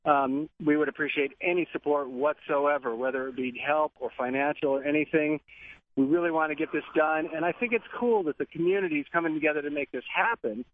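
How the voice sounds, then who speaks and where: A man's voice: a little high, brisk. Earnest man on a tinny phone line. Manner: earnest, promotional. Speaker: radio guest. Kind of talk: casual radio interview.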